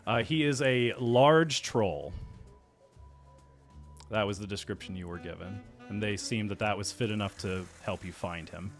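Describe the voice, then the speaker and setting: A man's voice: fairly low pitch, unhurried, faint music behind. A man narrating a tabletop game as game master, loose and full of fillers.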